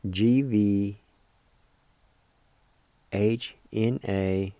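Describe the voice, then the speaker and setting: A male radio host giving a language lesson, spelling and pronouncing words slowly and deliberately. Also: lowish voice, fairly even intonation, warm tone, no room sound.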